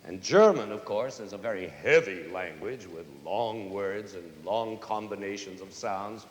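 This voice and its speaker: A middle-aged man giving a lively lecture on music to a young audience, now and then singing short folk tunes to make his point. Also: lowish voice, unhurried. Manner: animated, sings and hums short folk tunes to demonstrate. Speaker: conductor and music educator. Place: large concert hall with audience. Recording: roomy concert hall reverb, faint hiss.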